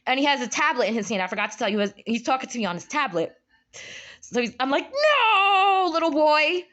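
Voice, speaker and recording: A young woman telling a story in a casual vlog, animated, jumping up high for quoted lines, recorded on a phone. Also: quick pace, muffled recording. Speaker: vlogger. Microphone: phone camera.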